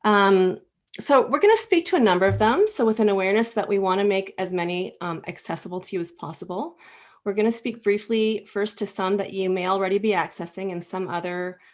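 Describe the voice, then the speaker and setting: Indoors with slides, a Canadian acupuncturist and clinic co-owner talks through a health topic in a relaxed, conversational way, speaking directly and earnestly as if to patients. Her warm, medium-pitched voice runs a little fast, and her sentences are peppered with ums and restarts.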